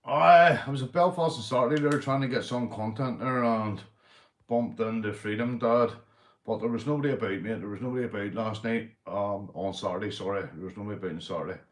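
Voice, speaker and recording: A man's voice: fairly quick, reverberant. Northern Irish man chatting on a livestream. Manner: swings from loud shout-outs to low, gruff muttering, swears freely. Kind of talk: casual livestream chat.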